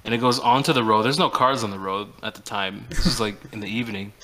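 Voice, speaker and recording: A man with a fairly low voice talks quickly as he co-hosts a casual podcast chat. He's an animated storyteller who acts out quoted lines.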